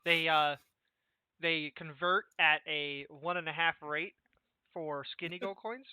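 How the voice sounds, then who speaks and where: A man voicing a proud, gruff ship captain who guards his reputation, speaking stiffly and formally with rough folksy slips. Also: on the high side, steady tone, slow, pushed and bright, no room sound, exaggerated voice. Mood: stern. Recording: tinny, dry voice-call audio.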